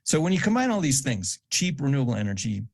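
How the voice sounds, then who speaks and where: A man's voice: medium pitch, big pitch swings, fast, gravelly. A man giving a conversational educational talk with slides at a church event, explaining step by step and often restarting phrases.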